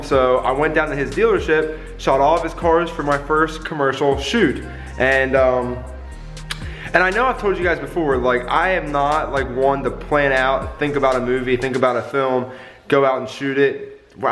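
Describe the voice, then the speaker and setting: A man talking casually to his camera for a daily vlog, chatty and loose, with quick apologetic asides. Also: mid-range voice, steady tone, fairly bright tone, soft background music. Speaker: vlogger.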